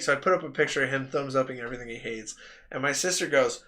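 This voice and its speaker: A man hosts a live stream in loose, casual chat. His voice is bright and clear, at a middle pitch. He rambles through stories, laughs often and fills pauses with ums and likes. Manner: rambling, laughs often, lots of fillers and retold anecdotes. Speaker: stream host.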